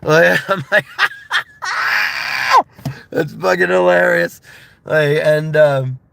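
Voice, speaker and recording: Bright-voiced American man chatting loosely. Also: on the high side, a little slow, vocal fry, no room sound. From United States. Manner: loose and laughing, filler-heavy, mimics voices for comedy. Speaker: livestreamer. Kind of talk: casual rambling chat. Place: in a car.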